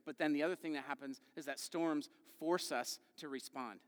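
A man preaching a sermon in a conversational way, asking the congregation questions and acting out quoted voices with big swings in loudness. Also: a little high, normal speed. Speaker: pastor. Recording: long hall reverb.

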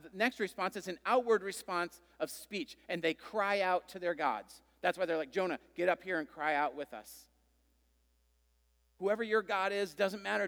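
A man preaching a sermon, telling a Bible story with animated, conversational delivery and playful acted-out voices. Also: sits high, long reverb tail. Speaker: pastor.

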